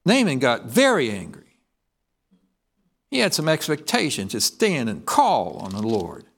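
A man's voice: mid-range voice, wildly swooping pitch, unhurried, gravelly. A man preaching a sermon, reading scripture aloud and asking the congregation questions. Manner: reads scripture aloud in King James wording.

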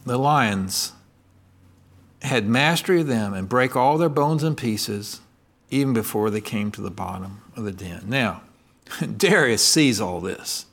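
A man preaching with a lively, swinging delivery, his pitch rising and falling all through the sermon. He keeps putting questions to his listeners and answering them himself. Some lines come loud and pushed, others drop low and quiet. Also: unhurried. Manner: asks the congregation call-and-response questions.

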